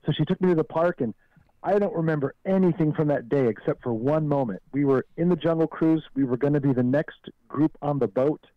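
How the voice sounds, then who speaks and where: A man from Southern California tells stories as a podcast guest, dry-humored and joking as he goes. His voice sits a bit higher than most men's. The sound is dry and slightly dull, like a lo-fi line. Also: brisk, dry recording. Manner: wry, joking storyteller. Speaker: guest author. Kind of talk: casual interview storytelling.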